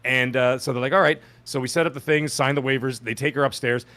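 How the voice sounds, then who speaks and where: Animated man telling a story on a podcast. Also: quick pace. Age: adult with children. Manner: animated, acts out quoted voices with pitch jumps. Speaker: podcast host. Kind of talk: casual storytelling chat.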